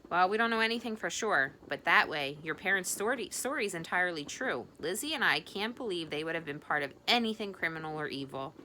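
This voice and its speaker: A woman reading the lines of a soft-spoken, reassuring teenage boy. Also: on the low side, animated, a little fast, few pauses, slight background noise. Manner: soft, coaxing.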